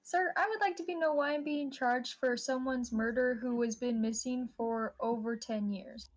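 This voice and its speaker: Female player, higher voice, in-character tabletop play, protesting. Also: normal speed.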